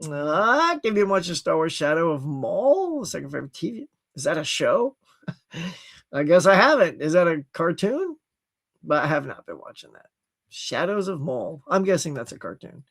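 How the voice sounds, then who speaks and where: A man hosting a casual livestream from his home setup, chatting about new movie releases in an animated way and laughing at himself. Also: on the high side, normal speed, creaky. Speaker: livestream host. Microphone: computer with HD webcam.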